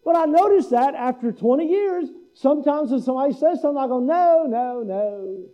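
A man's voice: very high voice, fast talker, lo-fi sound. A middle-aged man preaching a sermon to his congregation in a folksy way, imitating the local speech of his listeners. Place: church hall.

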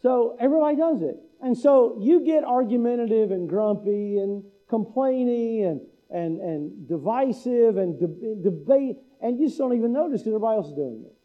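A man's voice: extremely high pitch, lively intonation, moderate pace, hardly any pauses, narrow, tinny audio. A middle-aged man preaching a sermon to his congregation in a folksy way, imitating the local speech of his listeners. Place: church hall.

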